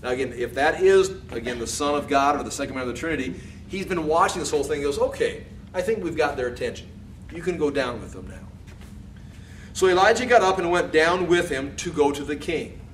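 A man teaching through a Bible passage, reading verses aloud and then commenting in a loose, conversational way. He gets louder and higher when he quotes speech. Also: lively intonation, brisk. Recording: distant mic, faint background hum.

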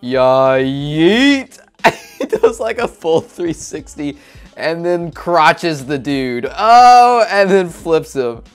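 A man's voice: on the high side, animated, very slow, faint music behind. A man hosting a video-reaction show, joking, laughing often and poking fun at himself. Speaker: YouTube host reacting to videos. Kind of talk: casual reaction commentary. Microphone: shotgun or lav mic.

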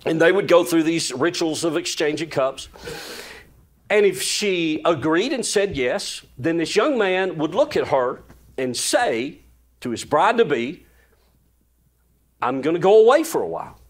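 A male pastor preaching a sermon in a folksy, animated way, full of exclamations, sometimes dropping to a hushed voice for a story. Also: on the high side, unhurried.

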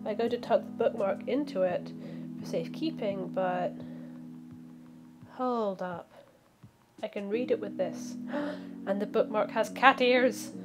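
A woman streamer reads a dating game's text aloud in an even middle pitch, jumping into lively reactions and side comments between lines. Game music plays clearly underneath her. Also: a little slow, long pauses. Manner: animated, reacts with outbursts and asides. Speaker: let's play streamer. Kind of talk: reading a visual novel aloud. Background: background music.

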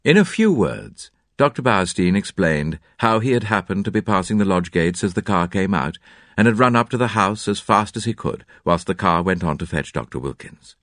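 A man narrating a classic detective story with an expressive, varied delivery. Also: low voice, moderate pace, dry recording, clean studio sound. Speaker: audiobook narrator.

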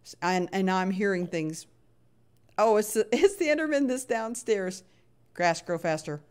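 A woman's voice: mid-range voice, lively intonation, measured pace, darkish tone, clean tone. A middle-aged woman streaming a block-building game, chatting casually, reading chat aloud and sounding playfully exasperated.

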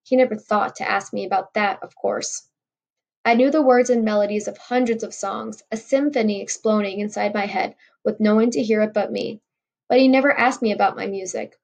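A woman's voice: medium pitch, steady tone, a little fast, vocal fry, a little mellow. A woman reading a novel aloud in a wry first-person storytelling voice. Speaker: audiobook reader.

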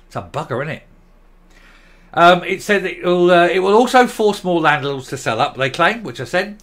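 A man's voice: sits high, expressive, moderate pace, fairly bright tone. A man giving ranting commentary, blunt, sarcastic and combative.

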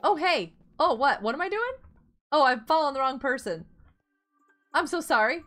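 A woman's voice: high voice, expressive, moderate pace, a bit bright, faint music behind. A woman live-streaming a block game, chatting casually and encouraging her friends with lots of giggles.

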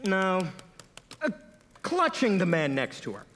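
A man's voice: high-pitched, wildly swooping pitch, a little slow, long reverb tail, background noise. A man narrating a comedy sketch on stage in a mock-dramatic tone, correcting himself as he goes. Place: theater stage.

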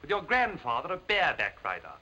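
A dry, sly valet. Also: male voice, on the high side, huge pitch swings, quick pace, bright, forceful tone, lo-fi sound, exaggerated voice. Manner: polite, dry, with sly understatement. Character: dry, deferential male valet. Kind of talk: 1930s film acting. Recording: noisy old film soundtrack.

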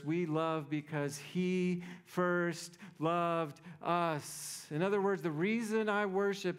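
A pastor with a high, smooth voice preaches a sermon in a conversational, playful manner, often checking in with the congregation and repeatedly asking "right?".

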